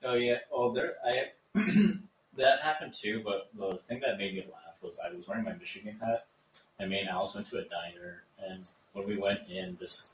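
A young man with a slightly low voice tosses out dry, teasing remarks and tells a short story. He sounds far from the mic, in an echoing room with a faint hum. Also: moderate pace. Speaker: podcast co-host. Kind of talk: casual chat.

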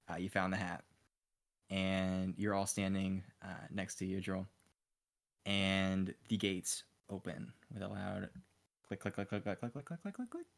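A young man narrating as game master, relaxed and full of ums and uhs. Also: sits low.

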